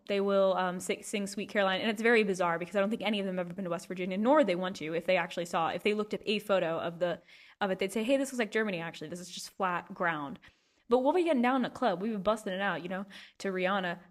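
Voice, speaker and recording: A woman's voice: medium pitch, fast talker. A young woman hosting a podcast, rambling through a goofy, self-mocking comedic monologue. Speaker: podcast host.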